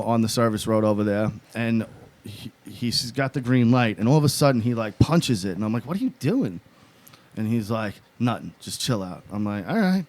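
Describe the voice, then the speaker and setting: A man in his thirties co-hosting a casual chat, telling stories with lots of swearing and acted-out quotes. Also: mid-range voice. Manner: animated storyteller, swearing, acts out quotes. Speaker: podcast co-host.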